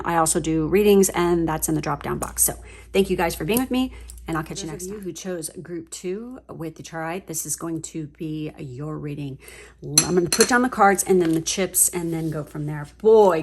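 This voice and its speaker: A woman giving a casual tarot reading to her viewers, chatty and gushing, swearing freely as she gets excited. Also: lowish voice. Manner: chatty, with fillers and trailing asides. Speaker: tarot reader.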